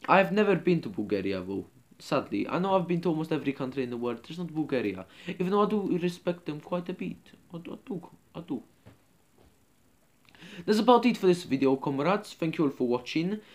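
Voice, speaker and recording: A man ranting in character to his viewers as their host, rambling and hesitant with lots of ums and restarts, and he keeps calling them comrades. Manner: keeps addressing viewers as comrades, dropping low on the word. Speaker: channel host. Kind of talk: in-character comedy rant to camera.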